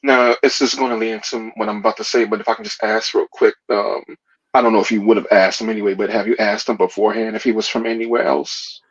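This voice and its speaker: Man, from New Jersey, low-pitched, earnest, dull call audio. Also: little pitch movement, fast talker, husky. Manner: earnest, polite questions. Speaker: caller. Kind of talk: casual chat.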